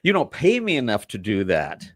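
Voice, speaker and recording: Low-voiced rambling storyteller man. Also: moderate pace, no room sound, studio quality. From Manchester, England. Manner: rambling, animated, self-correcting storyteller. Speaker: wrestler guest. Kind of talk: interview storytelling.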